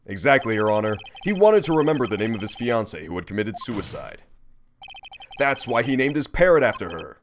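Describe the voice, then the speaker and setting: A man voicing a confident young defense lawyer in a lowered, deliberate, assertive tone while reading game dialogue aloud. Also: sing-song, slight background noise, natural voice. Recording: faint game music behind.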